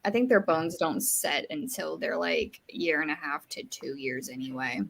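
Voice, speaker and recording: A young adult woman chatting casually on a stream, telling stories in an animated way. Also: deep voice, normal speed, gravelly, a little hiss or hum. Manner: animated, acts out voices in her anecdotes. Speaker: stream participant. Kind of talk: casual storytelling chat.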